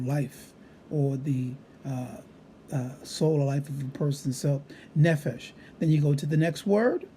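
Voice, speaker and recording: A man's voice: on the high side, warm tone, a little hiss or hum. A middle-aged man, a Hebrew teacher, patiently walking through a vocabulary app demonstration with frequent "uh" fillers. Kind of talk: screen-recorded app demonstration lesson.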